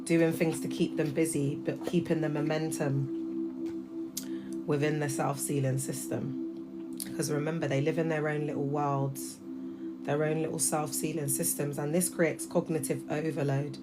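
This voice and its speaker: A woman's voice: deep voice, flat delivery, normal speed, over loud music. A woman in her thirties hosting a casual livestream from her phone, talking emphatically and addressing viewers directly. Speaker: livestream host.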